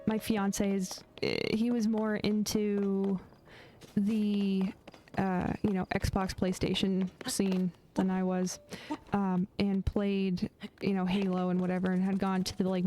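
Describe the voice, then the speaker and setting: A woman's voice: medium pitch, mellow, slight background noise. A woman streamer chatting casually while playing a game, laughing often and trailing off into fillers and restarts. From United States. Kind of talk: casual chat while gaming.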